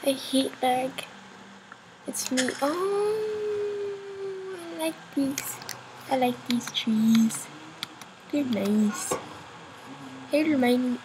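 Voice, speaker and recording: A young woman talks slowly and playfully over her game, wandering from thought to thought and muttering to herself. Her voice sits a little high. A clear hum of background noise runs under the home recording. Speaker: gamer. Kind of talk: casual let's-play commentary.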